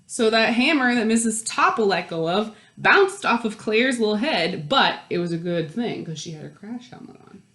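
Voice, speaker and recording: A woman hosting a children's storytime, reading aloud and chatting to young kids in a bright, lively sing-song manner. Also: medium pitch, normal speed, few pauses. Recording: roomy echo with piano. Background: piano.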